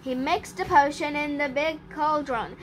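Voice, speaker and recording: A woman reading a children's picture book aloud in an expressive, careful storytelling manner. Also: high-pitched, a little slow, a little hiss or hum. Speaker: storybook reader.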